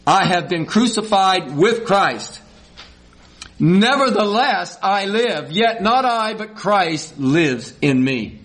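Male preacher, fairly high voice, animated sermon delivery that climbs to emphatic peaks. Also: slow pace. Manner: folksy, says y'all.

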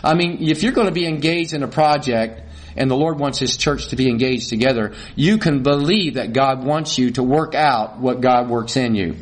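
A man's voice: medium pitch, moderate pace. A middle-aged male pastor gives a conversational sermon, asks the congregation questions and acts out small quarrels.

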